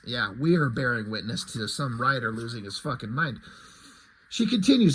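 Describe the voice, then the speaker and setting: Husky, profane, rambling comic reviewer. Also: male voice, mid-range voice, big pitch swings, fairly quick, poor audio. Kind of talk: casual video review.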